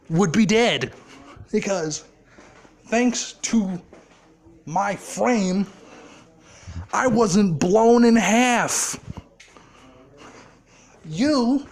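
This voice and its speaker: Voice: medium pitch, pitched below the performer's own voice, natural voice. A storyteller voicing a furious, foul-mouthed teen hero. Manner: swearing, defiant, raised voice. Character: furious teenage boy hero, defiant and crude. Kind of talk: storytelling a fan scenario in character.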